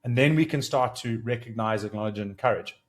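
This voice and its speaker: A man in his thirties hosting a solo reflective podcast, talking earnestly and thinking out loud, with frequent restarts and bursts of rising excitement. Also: mid-range voice, fast. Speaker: podcast host.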